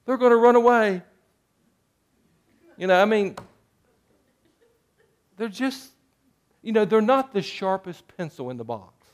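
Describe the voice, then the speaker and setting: A man's voice: high-pitched, animated, measured pace, long pauses. A man preaching a sermon, moving between earnest scripture reading and playful jokes with sheep bleats. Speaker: pastor.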